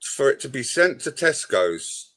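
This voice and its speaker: A man's voice: medium pitch, sing-song, unhurried, a bit bright. A man from Cornwall, co-hosting a casual livestream chat and ranting scornfully with heavy swearing. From Cornwall, England.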